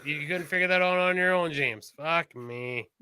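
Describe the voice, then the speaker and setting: A man's voice: fairly high pitch, moderate pace, bright, forceful tone, clear, resonant tone, no room sound. A Canadian man co-hosting a podcast in loose, profane, joking banter. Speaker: podcast co-host. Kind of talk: casual chat.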